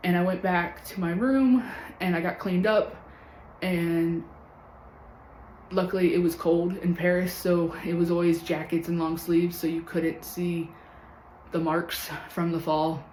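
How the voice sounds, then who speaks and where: A woman's voice: lowish voice, steady tone, a little mellow. Woman in her thirties, roomy echo. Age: 30s. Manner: earnest and candid, long run-on story with many pauses. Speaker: vlogger telling her own story. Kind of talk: personal storytelling to camera. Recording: roomy echo with faint background hum.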